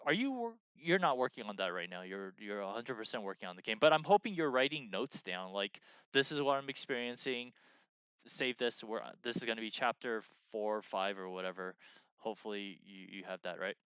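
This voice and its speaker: A man's voice: lowish voice, animated, fairly quick, fairly bright tone, smooth, no room sound, dull audio. A man co-hosting a game design stream in casual chat, rambling with lots of fillers and restarts as he reads out viewer messages.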